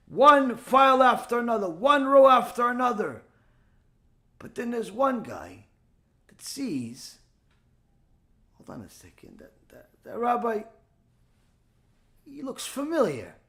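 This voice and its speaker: A man, a rabbi, telling a story in a Torah lesson and acting out the dialogue with lively delivery. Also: sits high.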